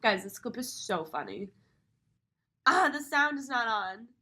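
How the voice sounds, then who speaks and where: Young woman, high and bright, excitable giggly podcast co-host. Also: measured pace. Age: young adult. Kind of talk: casual chat.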